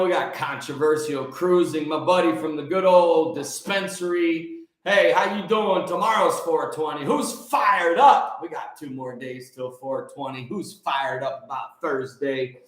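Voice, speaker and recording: A man in his forties hosting a livestream, greeting viewers by name and talking in an excitable, preachy way, repeating phrases for emphasis. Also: a little high. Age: 40s. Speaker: livestream host. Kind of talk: energetic livestream talk. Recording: very echoey room.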